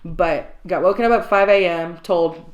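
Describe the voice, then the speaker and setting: A woman's voice: fairly low pitch, steady tone, moderate pace, highs cut off. A young American woman chatting casually to camera as a vlogger, laughing often and poking fun at herself. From United States. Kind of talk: casual couple chat to camera. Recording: echoey room with faint background hiss.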